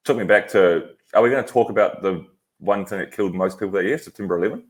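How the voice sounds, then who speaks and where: A man's voice: sits low, fast. A man co-hosting a podcast in casual chat, playful and teasing, laughing often. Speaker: podcast co-host.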